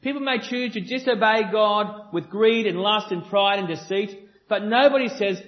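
A man's voice: high voice, moderate pace, hardly any pauses. A man preaching a sermon to a congregation, earnest and emphatic, repeating his phrases and joking with the crowd. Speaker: pastor. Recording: dull lo-fi sound.

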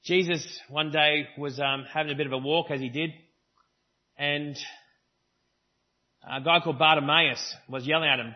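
A man preaches to his congregation in a relaxed, conversational way, leaning hard on key words now and then. His voice sits a little high and has a husky edge. The church recording sounds somewhat dull and lo-fi. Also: fairly quick. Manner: conversational preaching with varied emphasis. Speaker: pastor. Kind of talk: sermon. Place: church service.

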